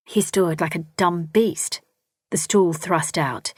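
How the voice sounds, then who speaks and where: A woman narrating a historical story in a steady, measured reading. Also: fairly low pitch, slightly rough, dry recording, clean studio sound. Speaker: audiobook narrator. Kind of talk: scripted narration.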